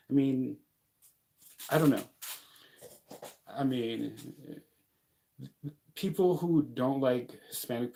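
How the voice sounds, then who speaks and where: A man's voice: mid-range voice, warm tone. A young man chatting casually in a vlog, rambling and joking, with many fillers and laughs. He is from the United States. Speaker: vlogger living abroad. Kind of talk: casual talking-head vlog.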